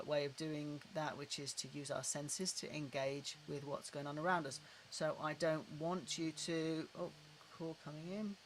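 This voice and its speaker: A middle-aged man calmly guiding a tapping and breathing exercise, slow and repetitive, recorded indoors at his desk. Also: a little high, a little hiss or hum, low-quality recording. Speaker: tapping practitioner. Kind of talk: guided tapping and breathing instruction.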